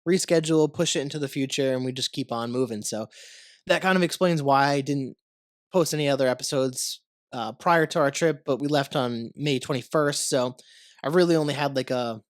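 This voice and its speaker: A man's voice: medium pitch, a little fast, dry recording, studio quality. A man from the United States hosting his podcast in casual, rambling talk, congested from a cold. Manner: rambling, relaxed, swears casually. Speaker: podcast host.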